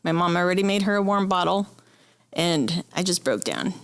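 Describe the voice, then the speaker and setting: A woman with a low voice tells her personal story as a podcast guest. She speaks candidly, and emotion runs close to the surface. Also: animated, normal speed, fairly bright tone, clean tone. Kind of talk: personal interview conversation.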